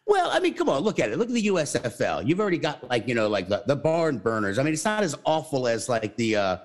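A man co-hosting a casual sports podcast, excitable and rambling, with many restarts. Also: mid-range voice, fast.

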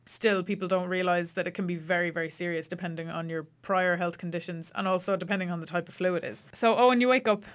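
Chatty woman, low-pitched. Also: steady tone, fast, few pauses. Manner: explains facts with many fillers and restarts. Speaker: podcast co-host. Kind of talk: casual science chat.

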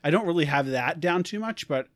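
Animated woman podcast co-host, dry sound. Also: fairly low pitch, a little fast, dry recording. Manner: animated, laughing, trailing off quietly. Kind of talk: casual chat.

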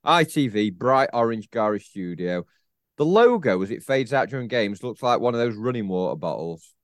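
A man's voice: fairly low pitch, big pitch swings, normal speed, dry recording, clean studio sound. A man, co-hosting a podcast in casual, rambling chat and laughing often. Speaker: podcast co-host.

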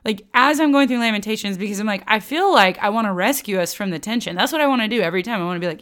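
A woman teaching the Bible on her podcast in a candid, animated, self-aware way, talking straight to her listeners. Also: medium pitch, very fast, hardly any pauses. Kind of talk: conversational teaching.

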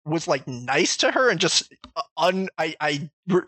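A man's voice: fairly high pitch, big pitch swings, measured pace, fairly bright tone, no room sound. A man in casual chat about a video game, rambling and swearing freely as he tells stories.

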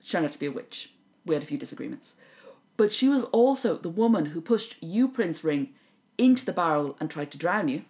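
An Irish woman co-hosting a podcast, retelling a folk tale in a lively, joking chat. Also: fairly low pitch, brisk. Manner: animated, joking narration. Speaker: podcast co-host. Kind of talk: casual storytelling chat.

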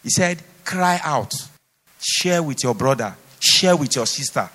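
A man preaching a sermon at a mid pitch, driving home his points with emphatic repetition. His voice carries a long reverb through the church hall. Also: animated, normal speed, a bit bright, husky.

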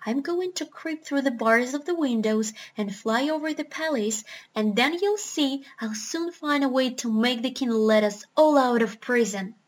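A woman's voice: sits high, normal speed, hardly any pauses. A woman doing a clever, bossy parrot. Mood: confident. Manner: crisp and self-assured.

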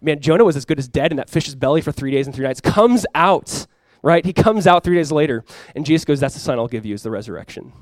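Animated, fast-talking male pastor. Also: fairly high pitch, no room sound. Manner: animated, acts out quoted voices, repeats himself. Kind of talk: sermon.

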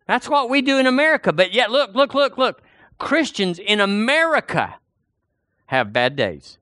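A man's voice: mid-range voice, big pitch swings, normal speed, pushed and bright, no echo, clean studio sound. A man preaching a sermon in a folksy, conversational way, talking straight to the congregation and often repeating himself.

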